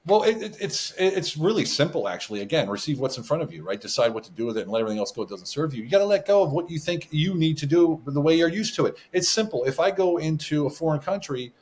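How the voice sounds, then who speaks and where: An American man speaking as a guest in a casual interview, telling animated stories about business and often chuckling. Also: on the high side, fast, few pauses. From United States. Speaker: podcast guest, business advisor.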